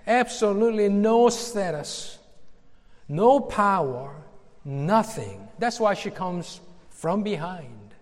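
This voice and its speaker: Slow, high-voiced preacher in a reverberant hall. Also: male voice. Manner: slow and emphatic, with dramatic pauses. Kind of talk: sermon.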